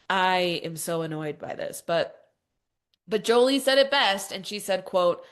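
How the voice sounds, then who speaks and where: A woman hosts an opinionated podcast monologue, ranting in an exasperated, mocking and profane way with lots of "like." Her voice is on the low side and a bit bright, at normal speed.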